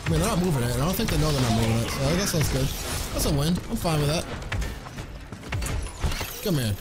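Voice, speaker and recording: A man streaming a game, giving loud, hyped, boastful commentary full of swearing. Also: a little high, expressive, quick pace. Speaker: gaming streamer. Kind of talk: excited gameplay commentary. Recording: game music loud behind voice. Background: loud game music.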